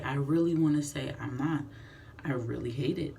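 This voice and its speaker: A woman's voice: sits low, a little fast, vocal fry, mellow, recorded from a distance, a little hiss or hum. A young woman filming a candid confessional vlog in her bathroom, speaking frankly and emphatically, sometimes dropping to a whisper. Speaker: vlogger. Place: home bathroom.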